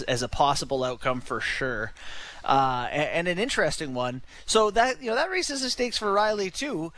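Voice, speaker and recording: A man's voice: fairly high pitch, very animated, normal speed, a bit bright. A man with a Canadian accent co-hosting a sports radio show, musing aloud and posing rhetorical questions. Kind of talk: casual sports talk.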